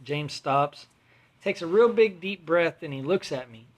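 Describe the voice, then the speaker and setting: A man's voice: a little high, lively intonation, unhurried. Rambling, cursing man telling a story. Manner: rambling, profane, restarts often. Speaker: podcast host. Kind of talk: casual storytelling chat.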